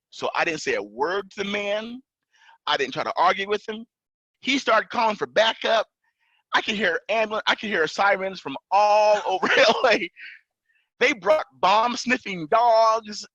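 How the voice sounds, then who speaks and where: A man tells a long story on a podcast, his voice bright and forceful and swinging widely in pitch. He acts out the other people in the story, getting loud when he quotes them. The sound is dry and a little dull, like a lo-fi podcast recording. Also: moderate pace, no echo. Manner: animated, acts out officers' lines in raised voice. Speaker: podcast guest, pilot and entrepreneur. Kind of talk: casual storytelling.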